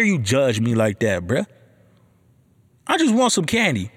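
A male podcast host tells a story about fatherhood in casual conversation, ranting with animated, profane, heated energy. His voice is husky and medium in pitch, and he keeps a measured pace.

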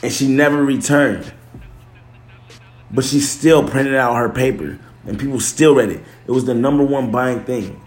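A man's voice: medium pitch, normal speed. A man talking casually to camera, loose and slangy, swearing, restarting and correcting himself as he goes. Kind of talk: casual chat. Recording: echoey room.

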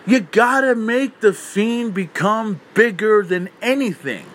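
High-voiced man ranting on a podcast. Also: animated, slow, fairly bright tone. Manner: heated, incredulous, repeats words as he restarts. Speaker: podcast host. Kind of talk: opinionated casual rant.

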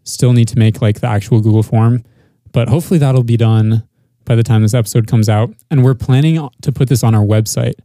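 A young man hosting a casual podcast, running through segments in a relaxed way. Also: mid-range voice, brisk, dry recording, studio quality. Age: young adult. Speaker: podcast host. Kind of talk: casual chat.

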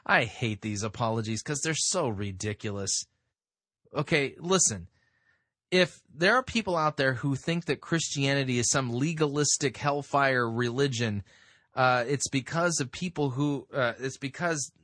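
A man's voice: medium pitch, fairly bright tone, no room sound. A man hosting a talk show who reads from an article and answers it in a sarcastic, dismissive way, with many fillers. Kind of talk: commentary on a read-aloud article.

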